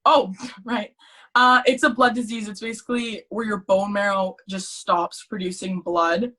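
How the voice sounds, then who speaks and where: A teenage girl in casual chat, telling her story in an animated way with lots of filler words. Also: mid-range voice, normal speed. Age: teens. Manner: chatty, animated storytelling with many "like"s. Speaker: guest.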